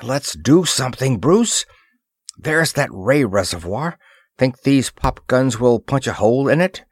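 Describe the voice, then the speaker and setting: A gruff, restless sidekick, as a male narrator does him, growls his lines in a pulpy storybook reading. The voice swings in pitch but keeps a slow pace, recorded dry and close. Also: very animated, dry recording. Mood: grumbling. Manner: growling, grumbling.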